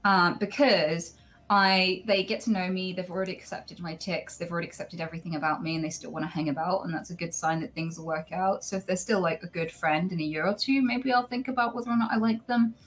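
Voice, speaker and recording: A woman in her thirties telling a story in casual chat, animated and acting out the other voices. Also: on the low side, quick pace. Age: 30s. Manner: animated, acts out voices in quotes.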